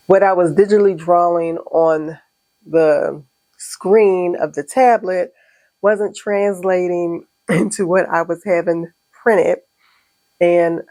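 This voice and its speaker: Lively woman vlogger, low dry voice. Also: no echo, low-quality recording. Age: middle-aged. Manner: animated storytelling, laughs often, acts out her own reactions. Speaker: small business owner vlogging. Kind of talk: casual vlog chat. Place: home studio.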